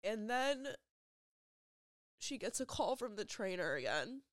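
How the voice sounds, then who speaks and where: A young woman vlogger telling a personal story, halting and emotional, with repeated phrases and frequent filler words. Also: medium pitch, very animated, fairly bright tone, no room sound, studio quality.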